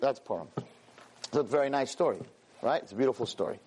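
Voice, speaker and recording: A man's voice: mid-range voice, fast talker, husky. Man telling a story in a class. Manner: excited, repeats words, acts out the characters' lines. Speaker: teacher giving a weekly class. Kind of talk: animated storytelling lesson.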